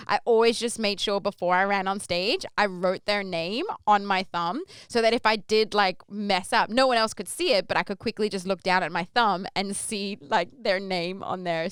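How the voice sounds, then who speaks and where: A woman's voice: medium pitch, smooth, dry recording, clean studio sound. Chatty woman telling a story. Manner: animated, acts out quoted voices. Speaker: podcast host. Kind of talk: casual storytelling.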